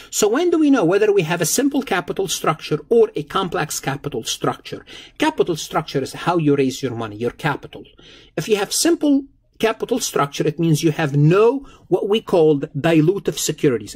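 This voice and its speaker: A man's voice: on the high side, darkish tone, breathy edge. A man lecturing on accounting in a recorded lesson, explaining patiently and repeating key points with everyday examples.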